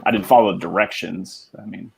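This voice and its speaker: A man's voice: low-pitched, steady tone, a little fast, creaky, slight background noise. A man co-hosting a livestream, chatting in a laid-back way and swearing casually.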